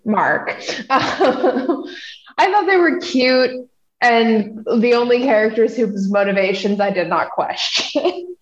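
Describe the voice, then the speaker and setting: Slow-talking high-voiced woman, roomy sound. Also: animated, muffled recording. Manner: chatty, laughs often, sarcastic asides. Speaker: podcast co-host. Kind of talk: casual chat.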